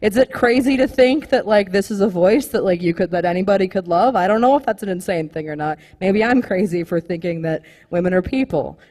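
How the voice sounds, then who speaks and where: A young woman performing a live stand-up comedy set, rambling and animated, full of "like" fillers. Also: medium pitch, fairly quick, hardly any pauses, long reverb tail. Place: comedy club stage with live audience.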